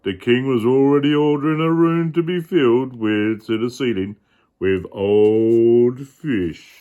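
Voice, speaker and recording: A man reads a children's picture book aloud playfully, stopping to joke about the story. His medium-pitched voice is unhurried with a clean tone, though the audio is narrow and tinny.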